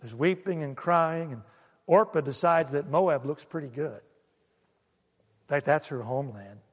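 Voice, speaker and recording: A man preaching a sermon, swinging between loud and hushed and asking the congregation questions. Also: fairly high pitch, a little slow, husky, in a large hall. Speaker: pastor.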